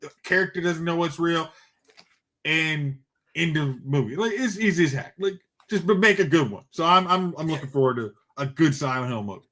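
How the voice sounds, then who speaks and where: Excitable co-host ranting about movies. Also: male voice, on the high side, normal speed. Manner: excitable, rants in bursts. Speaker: podcast co-host. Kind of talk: casual movie chat.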